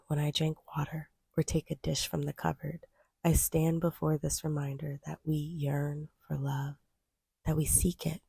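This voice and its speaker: A woman reading a nonfiction book aloud in a measured, even way. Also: sits low, gravelly, breathy edge, dry recording. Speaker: audiobook reader.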